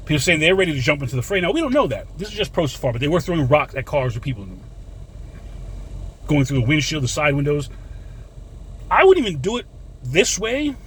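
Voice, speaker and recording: Fast-talking man rambling outdoors. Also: fairly high pitch, expressive, fairly bright tone, slightly rough, low-quality recording. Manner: rambling, talkative, addresses viewers as folks. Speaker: vlogger. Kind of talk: casual rant to camera.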